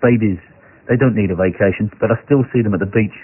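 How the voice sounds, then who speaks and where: A dry, deadpan stand-up comedian, as a radio host puts him on, speaks in a lowered voice with a flat, unhurried delivery. The sound is narrow and phone-like, as if heard over a radio. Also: male voice, husky.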